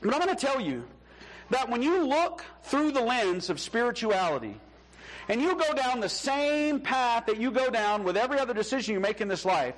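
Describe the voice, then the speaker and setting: A man's voice: very high-pitched, very animated, normal speed, low-quality recording. A man preaching a sermon as pastor in a conversational style, acting out the voices he quotes.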